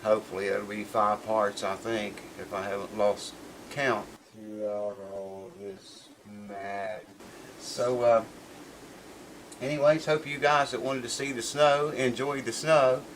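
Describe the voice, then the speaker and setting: A man with a lowish, steady voice chats slowly and casually in a guitar repair video, rambling along in a folksy way with plenty of "uh" fillers. It's a casual vlog chat, captured in a rough recording with slight background noise.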